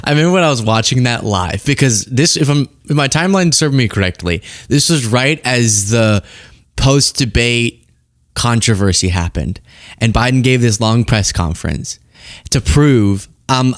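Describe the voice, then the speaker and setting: A man's voice: mid-range voice, normal speed, no echo, studio quality. A young man hosting a political commentary show, talking casually and sarcastically with frequent laughs. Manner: animated, sarcastic, laughs often.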